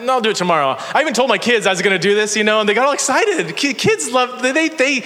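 A man's voice: very high voice, fast talker, bright, forceful tone. A man preaching a sermon in a church, telling stories with energy and self-deprecating humor. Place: church sanctuary. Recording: long church hall reverb.

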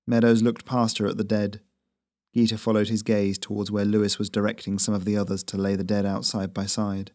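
A man reading his own fantasy fiction aloud in a steady, measured narration. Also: on the low side, no room sound, clean studio sound. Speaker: author and narrator.

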